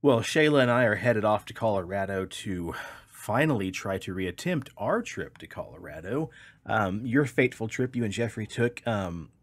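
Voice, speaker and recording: A man co-hosting a podcast in casual chat, an animated storyteller who laughs often. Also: fairly low pitch. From Kansas. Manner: animated joke-teller, laughs a lot. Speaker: podcast co-host.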